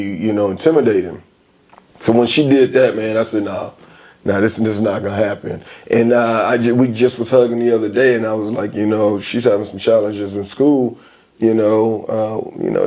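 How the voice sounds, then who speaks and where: A man in his forties, a guest in a casual interview, telling his stories with emphasis and energy. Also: fairly low pitch. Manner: emphatic, animated storytelling.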